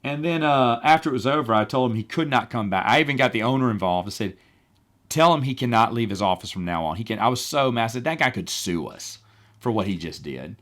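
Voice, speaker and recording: A middle-aged man tells stories from his old job in a relaxed, chatty monologue. He is animated and wry, with exasperated asides, and he slips into other voices when he quotes people. His voice sits at an ordinary pitch for a man. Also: fast. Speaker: podcast host. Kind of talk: casual storytelling monologue.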